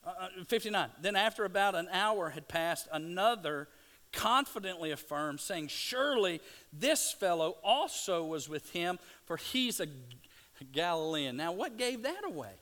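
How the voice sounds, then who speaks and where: A preacher delivers a sermon with a fairly high voice for a man. He swings from quiet, drawn-out lines to loud, quick bursts. His delivery is energetic and full of dramatic contrast. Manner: dynamic, swings from hushed to shouting. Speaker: pastor.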